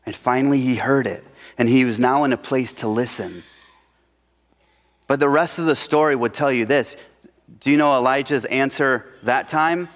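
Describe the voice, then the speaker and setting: A middle-aged male pastor preaching a sermon, swinging between loud emphatic lines and hushed whispers. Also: medium pitch, moderate pace. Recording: reverberant hall.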